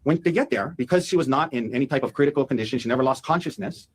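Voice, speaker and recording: A defense attorney gives an opening statement to a jury, speaking fast and animatedly in a husky, slightly raised mid-range voice. He acts out what people said as he goes, and the recording is rough.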